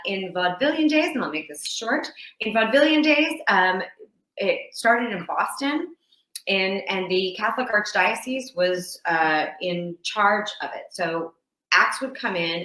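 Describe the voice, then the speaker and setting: Lively woman host in an echoey room. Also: fairly low pitch. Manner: lively, animated delivery. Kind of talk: telling old dirty jokes, casual chat.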